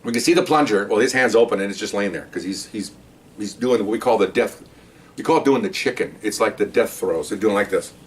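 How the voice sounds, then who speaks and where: An older man recounts an old police call in a loose, rambling way, now and then acting out the yelling. He talks quickly and sits a little back from the mic, so the voice sounds slightly distant. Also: fairly low pitch. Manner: rambling, animated, acts out shouted commands. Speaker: retired police officer telling stories. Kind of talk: casual storytelling.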